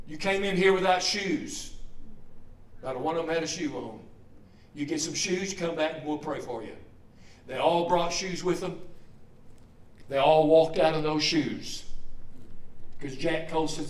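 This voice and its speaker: A man preaching a sermon in a church, moving from low steady talk to loud joyful shouts. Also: unhurried, long pauses, reverberant, distant mic. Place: church hall.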